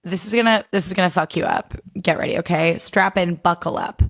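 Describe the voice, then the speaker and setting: A woman hosting her podcast in a casual pop culture chat, animated, profane and full of "like" and "okay?". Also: fairly low pitch, fairly quick. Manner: animated storyteller. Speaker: podcast host.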